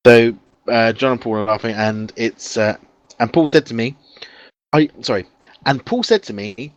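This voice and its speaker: A man's voice: lowish voice, normal speed, no echo. A man on a casual fan-show podcast panel, speaking in a playful storytelling tone.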